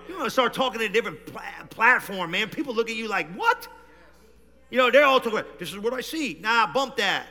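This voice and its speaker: A man preaching a sermon as pastor, swinging between loud shouts and quiet storytelling. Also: very high-pitched, animated, brisk. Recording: long reverb of a church hall.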